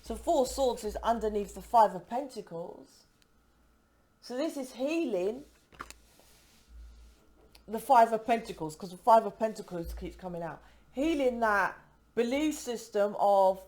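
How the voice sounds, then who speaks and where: A woman's voice: a little high, animated, a little slow, long pauses, a little mellow. Emphatic, rambling woman reading tarot. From United Kingdom. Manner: emphatic, rambling, cuts herself off mid-word; keeps asking "right?" for agreement. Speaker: tarot reader. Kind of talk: casual tarot reading to camera.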